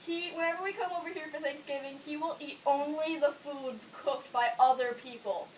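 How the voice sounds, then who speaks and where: A woman's voice: high-pitched, brisk. A woman in casual chat at home, chiming in and laughing along. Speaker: sister of the storyteller. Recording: roomy echo, distant from mic, faint hiss.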